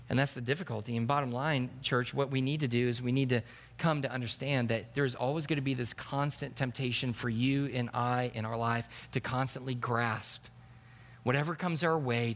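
A man preaching a sermon as pastor, animated and acting out the voices of people in his stories. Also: on the high side, long reverb tail. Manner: animated, acts out congregants' voices.

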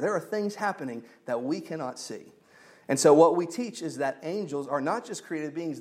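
Man teaching a casual sermon. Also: fairly high pitch. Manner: conversational, acts out quoted voices. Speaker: pastor.

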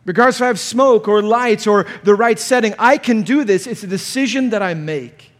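At a conference, a pastor preaches a sermon at a moderate pace, his voice high for a man. He's animated and gets loud and sharp when impersonating the people he quotes, and a long reverb trails each phrase in the big hall.

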